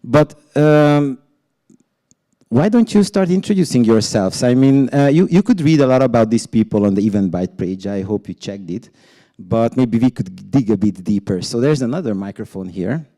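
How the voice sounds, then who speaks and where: A man's voice: medium pitch, animated, moderate pace, warm tone. A man moderating a panel, chatty and a little stumbling, with small jokes. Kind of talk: casual moderation.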